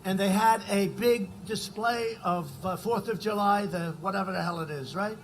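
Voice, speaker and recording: A man in his seventies giving a rambling campaign rally speech from a podium mic, full of conversational asides and sudden shouted lines. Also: sits high, moderate pace, slight background noise, poor audio. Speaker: political rally speaker. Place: political rally.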